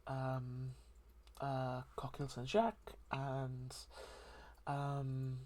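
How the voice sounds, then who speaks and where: A soft-spoken host shares a heartfelt solo chat, thinking aloud with frequent pauses and hesitant fillers. The delivery is slow and unhurried, and the pitch stays flat and even throughout. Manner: soft, hesitant, reflective, many pauses and ums. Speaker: daily channel host.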